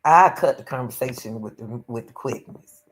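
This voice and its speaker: A woman's voice: very deep voice, moderate pace, slight background noise. A woman hosting her own commentary channel, giving blunt, opinionated takes and talking straight to her viewers in a casual way.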